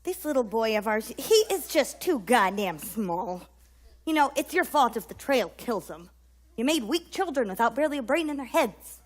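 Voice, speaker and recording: A woman playing an exasperated, nagging pioneer wife in an improvised comedic role-play over a game, with a sharp, scolding drawl. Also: a little high, lively intonation, normal speed.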